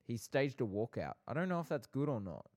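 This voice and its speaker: A man's voice: mid-range voice, sing-song, brisk, a little mellow. A man co-hosting a casual chat podcast, talking in a playful, bantering way. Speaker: podcast co-host.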